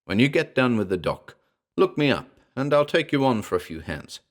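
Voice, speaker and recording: A man voicing a gruff male gorilla in a storybook reading, talking in broken pidgin and then in slangy tough-guy wisecracks. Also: mid-range voice, sing-song, normal speed, pitched above the performer's own voice, lightly acted. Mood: wisecracking.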